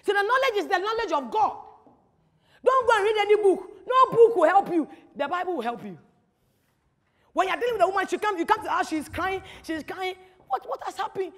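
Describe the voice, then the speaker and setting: A woman giving an animated, teasing church talk to an audience, full of rhetorical questions. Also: extremely high pitch, a little fast, big-room sound. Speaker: speaker at a church teaching. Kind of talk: lively sermon-style talk to an audience.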